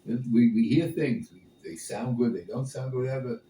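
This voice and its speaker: A man in a class discussion, asking searching, drawn-out questions. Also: medium pitch, warm tone. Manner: searching, builds long questions. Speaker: class participant. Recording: roomy and distant with faint background noise.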